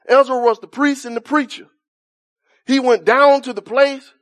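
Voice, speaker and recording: A man preaching an impassioned sermon in informal church speech, swinging from loud shouts down to quiet, soft lines. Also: very high-pitched, fairly even intonation, normal speed. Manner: impassioned, rising to shouts then dropping soft.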